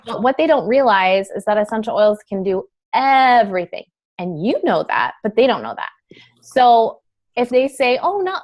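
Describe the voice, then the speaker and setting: A woman teaching a class in a chatty, casual way, with many fillers and quick switches into acted examples. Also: a little high. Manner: chatty, filler-heavy, breaks into role-play quotes. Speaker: wellness sales trainer. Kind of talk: casual instructional talk.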